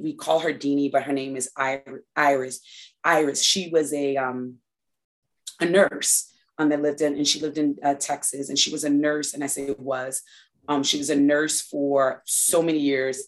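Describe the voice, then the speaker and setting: Reflective woman guest, halting speech. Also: deep voice. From New York. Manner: reflective, many restarts and fillers. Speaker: interview guest. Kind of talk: casual interview conversation.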